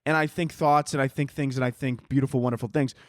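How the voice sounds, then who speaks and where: A man's voice: medium pitch, fairly even intonation, quick pace, no room sound, clean studio sound. A man hosting his own podcast, rambling through tangents in a jokey, profane, casual way while holding a microphone. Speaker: podcast host. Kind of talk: casual solo podcast chat. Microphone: handheld microphone.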